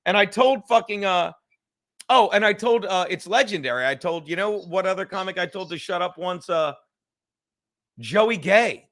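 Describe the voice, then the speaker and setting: A man in his fifties hosts a podcast in a loud, profane, heated way. His voice sits high for a man. He tells stories with plenty of swearing. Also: animated, normal speed. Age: 50s. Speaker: podcast host. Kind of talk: casual chat.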